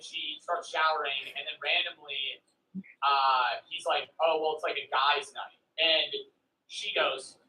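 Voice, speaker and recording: A man's voice: on the high side, sharp tone, recorded from a distance, a little hiss or hum. A man casually retelling a story on a stream, loose and profane, full of "like" fillers. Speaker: friend telling a story on stream. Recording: echoey room, away from the mic.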